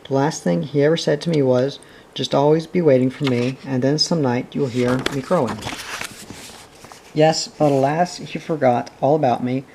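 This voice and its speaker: A man reading the part of a gentle grown mother, soft and wistful, in an audiobook reading. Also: medium pitch, fairly even intonation, normal speed, gravelly, noisy background, close to an everyday voice.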